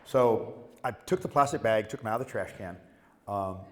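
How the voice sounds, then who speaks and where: A man's voice: fairly low pitch, moderate pace. A man on a convention panel telling profane anecdotes and acting out the people in them. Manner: animated, acts out the people in his stories. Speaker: guest actor on a convention panel. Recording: echoey convention hall.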